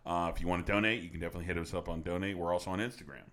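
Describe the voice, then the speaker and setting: A man with a low, bright, forceful voice co-hosting a casual podcast. He teases the others and reels off the show's plugs in a laid-back way. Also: steady tone, rapid-fire. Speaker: podcast co-host.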